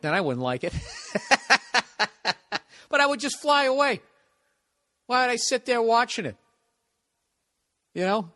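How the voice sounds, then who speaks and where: A man's voice: sits high, sharp tone. A man hosting a podcast, ranting in a blunt, cynical way, swearing freely and stumbling over restarts. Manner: profane, rambling, stumbles and restarts. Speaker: podcast host. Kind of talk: casual podcast rant.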